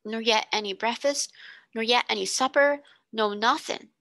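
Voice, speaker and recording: Lady voicing a hoarse little street kid, rough talk, dry close mic. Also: a little high, normal speed, a bit bright, dry recording. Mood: forlorn. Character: ragged starving street girl, timid.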